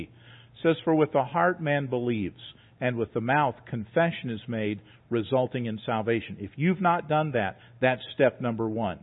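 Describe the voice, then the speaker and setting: A man's voice: mid-range voice, expressive, normal speed. A man preaching a sermon as pastor, earnest, with repeated words and rising emphasis. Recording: tinny phone-like sound.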